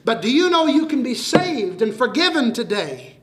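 A preacher playing an earnest, coaxing governor. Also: male voice, very high voice, big pitch swings, moderate pace. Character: earnest older state governor, gently pleading. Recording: roomy echoing hall.

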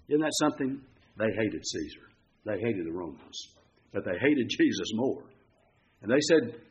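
A male preacher telling a story from the pulpit in a lively style and acting out the quotes. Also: medium pitch, normal speed. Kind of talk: sermon. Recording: dull lo-fi recording.

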